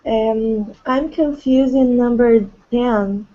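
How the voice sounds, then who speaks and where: Very slow, hesitant woman learner. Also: fairly high pitch, dark tone, muffled recording. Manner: hesitant, halting learner English with many fillers. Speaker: student in an English class.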